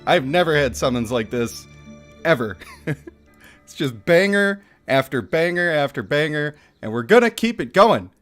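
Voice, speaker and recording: A man streaming a mobile game from his home setup, chatting casually, getting excited and laughing often, into a desk microphone. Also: on the high side, normal speed, faint music behind. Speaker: gaming streamer. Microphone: desk microphone picking up chair rumble.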